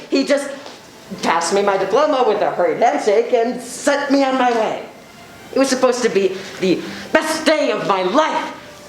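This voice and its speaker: A student playing an upset young man, in a noisy echoey room. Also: high-pitched. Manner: swings from outbursts to hushed self-calming. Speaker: support group member. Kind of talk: student sketch comedy acting.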